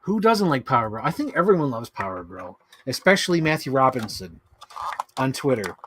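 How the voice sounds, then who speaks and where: A man in his thirties hosting a casual unboxing stream, chatting in an excitable, rambling way with bursts of laughter. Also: mid-range voice, fairly quick, background noise. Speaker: streamer host. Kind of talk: casual chat while unboxing collectibles.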